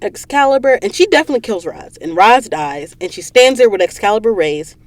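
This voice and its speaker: A woman's voice: mid-range voice, fairly quick, dry recording. A sniffly woman recaps a book for her podcast, acting out the characters' lines as she goes. Her voice sits in the middle range. The sound is dry and close, with no room around it. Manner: animated storyteller, acts out quoted lines. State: sniffly from allergies. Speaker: podcast host. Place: recording booth.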